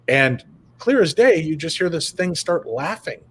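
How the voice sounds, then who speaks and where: A man guesting on an interview over a video call, telling stories in an animated, casual way. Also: fairly high pitch, a little slow, slightly rough. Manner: animated, retells events with quoted dialogue. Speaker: paranormal investigator guest.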